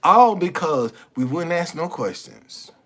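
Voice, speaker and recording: High-voiced man, ranting bluntly and repetitively on a livestream. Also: animated, takes it slowly, fairly bright tone. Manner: preachy, repetitive, blunt with cursing. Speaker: livestream host. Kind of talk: casual livestream monologue.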